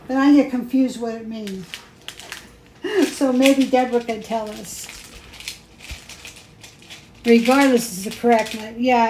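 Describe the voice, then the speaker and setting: A woman's voice: fairly high pitch, a little mellow. A woman hosting a jewelry-making show, chatting in a rambling way and laughing at her own mispronunciations. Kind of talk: casual chat while crafting. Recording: echoey room with faint noise.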